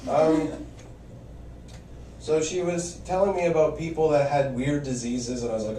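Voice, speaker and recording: A man's voice: on the high side, lively intonation, normal speed, dark tone, echoey room, distant mic, a little hiss or hum, rough recording. A man performing a stand-up comedy set, telling wry stories and acting out quoted voices.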